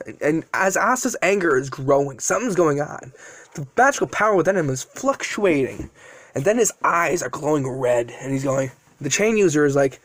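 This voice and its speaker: A man's voice: fairly high pitch, animated, normal speed, fairly bright tone, dry recording. A man casually telling a fan-made story, rambling and often correcting himself. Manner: rambling, frequent self-corrections.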